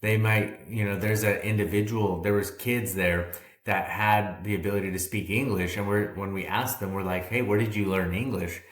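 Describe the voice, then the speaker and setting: A man's voice: fairly low pitch, little pitch movement, normal speed, roomy sound. A man hosting an interview, telling a long story in a casual, rambling way with frequent "right?" asides. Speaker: podcast host.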